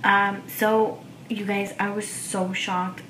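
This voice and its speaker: A woman's voice: mid-range voice, slow pace. A young woman telling a personal story to her camera in a casual, chatty way, full of "like" and restarts. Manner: chatty, lots of "like" and restarts, animated quoting of herself. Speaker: vlogger. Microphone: camera or phone mic. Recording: echoey room with faint ambient noise.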